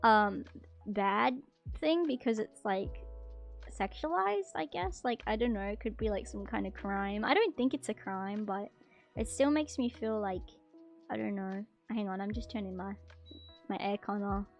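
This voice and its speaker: A woman VTuber streamer chatting casually with her viewers as she reads their confessions, breaking into excited gasps and loud protests. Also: medium pitch, a little slow, gravelly, soft background music.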